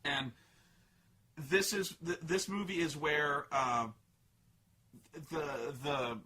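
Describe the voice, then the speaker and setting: A man's voice: fairly high pitch, very slow, sharp tone, husky. A man ranting about a film in an exasperated, profane vlog review.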